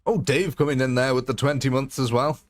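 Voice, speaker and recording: A man's voice: medium pitch, fairly even intonation, fairly quick. A man hosting a live game stream in a casual, chatty, jokey way, laughing often.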